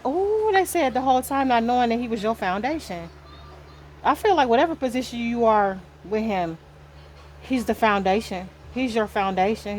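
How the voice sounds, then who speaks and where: A woman's voice: fairly high pitch, slight background noise. A woman giving a casual spiritual card reading to her viewers indoors, talking in a rambling, loose way and swearing now and then. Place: indoor room.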